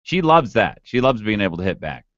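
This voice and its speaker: A man's voice: on the low side, a little fast, no room sound. A man co-hosting a morning talk radio show, talking with enthusiasm in casual banter. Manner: animated, enthusiastic. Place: radio studio. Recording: dull lo-fi dry radio studio sound.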